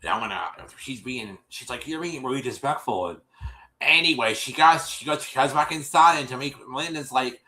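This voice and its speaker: A man hosting a stream, retelling a reality episode in casual chat, animated and exasperated, with many restarts. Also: medium pitch, brisk. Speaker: show host recapping an episode. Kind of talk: casual storytelling recap. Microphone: streaming setup. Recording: echoey room.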